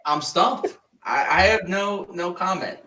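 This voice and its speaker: A man's voice: high voice, animated, a little slow, far from the mic, background noise. A man hosting a podcast in casual chat, rambling and joking, recorded in an echoey room away from the mic. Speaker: podcast host.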